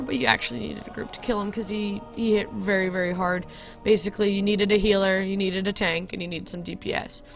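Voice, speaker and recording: A woman hosting a game video, talking at a mid pitch in loose, chatty commentary. She giggles and keeps correcting herself, with soft music in the background. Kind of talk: casual gameplay commentary.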